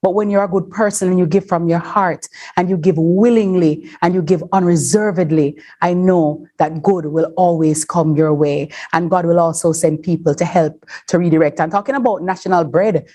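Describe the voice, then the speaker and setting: A woman's voice: on the low side, steady tone, moderate pace, few pauses, warm tone. A woman hosting a live event, exuberant and sing-song, moving into preachy encouragement. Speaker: event host.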